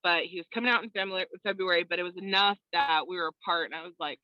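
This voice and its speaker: A woman guest chatting casually on a video call, an animated storyteller who laughs often. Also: fairly low pitch, fast, no room sound, muffled recording. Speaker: interview guest.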